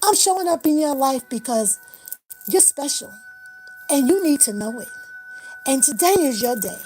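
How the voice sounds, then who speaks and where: A woman's voice: high-pitched, lively intonation, moderate pace, darkish tone, soft background music, poor audio. A woman in her fifties giving an impassioned motivational talk on a livestream, speaking in repeated, preacher-like affirmations. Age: 50s. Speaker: livestream host.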